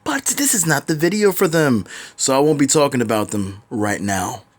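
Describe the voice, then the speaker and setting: A man's voice: mid-range voice, lively intonation, moderate pace. A man giving blunt, profane, opinionated reaction commentary in a ranting manner. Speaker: commentary vlogger.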